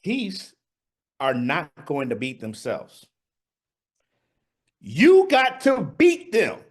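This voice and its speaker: Brief: very high-pitched, lively male co-host, playful and slangy. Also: very slow. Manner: playful, laughing, slangy banter. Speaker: sports talk show co-host. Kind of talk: casual sports debate.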